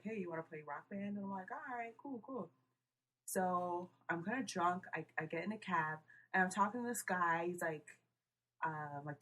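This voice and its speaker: A woman's voice: sits low, fairly bright tone. A young woman, a podcast guest telling a casual story and acting out what people said. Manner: casual, swearing, quotes people with voices. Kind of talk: casual chat.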